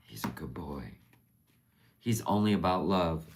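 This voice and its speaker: A woman's voice: very deep voice, a little mellow. A middle-aged woman hosting a casual livestream. She talks tenderly and openly emotionally, rambling and trailing off mid-sentence. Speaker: livestream host.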